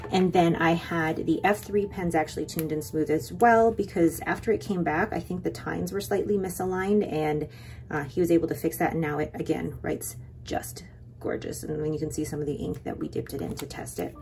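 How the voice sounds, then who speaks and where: A young adult woman vlogging in a chatty, excited way, rambling with quick asides as she shows her haul. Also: sits low, slight background noise. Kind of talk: casual haul vlog.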